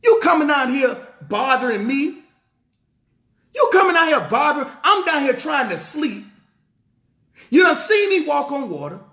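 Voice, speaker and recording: A man's voice: very high-pitched, very animated, a little slow, long pauses, bright, forceful tone, pitched above the performer's own voice, heavily acted. A man voicing Christ scolding his disciples in a sermon, exasperated and firing off rhetorical questions. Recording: roomy echo.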